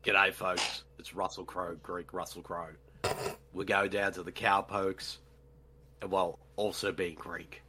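A man's voice: low-pitched, little pitch movement, measured pace, pushed and bright, a little hiss or hum, pitched below the performer's own voice, poor audio. A man doing a mumbling goofy mock-Zeus. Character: man mock-impersonating a Greek actor as Zeus with a Southern drawl.

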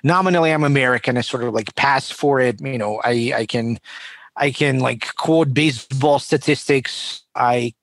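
A man in his forties, originally from Russia, tells stories as an interview guest with a reflective, humorous way of talking, often restarting his sentences. His voice sits at a middle pitch and sounds close and dry, with no room echo. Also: normal speed, a bit bright. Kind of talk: casual interview conversation.

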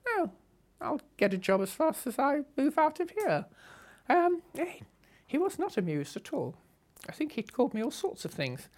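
An older woman telling her life story in an unscripted, assertive and brisk way. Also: sits high. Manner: brisk, assertive, animated retelling with laughs. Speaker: storyteller recalling her past. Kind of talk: unscripted spoken memoir.

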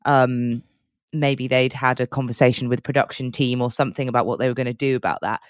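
A woman's voice: very deep voice, fairly even intonation, a little fast, dry recording, studio quality. A woman from Britain co-hosting a podcast, chatting casually and animatedly, laughing often and trying out silly impressions. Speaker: podcast co-host. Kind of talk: casual chat.

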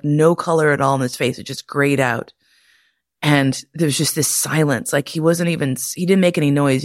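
A woman hosting a podcast, telling candid personal stories in a profane, animated way and laughing often. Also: sits low, no room sound, studio quality. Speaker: podcast host. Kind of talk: candid personal storytelling monologue.

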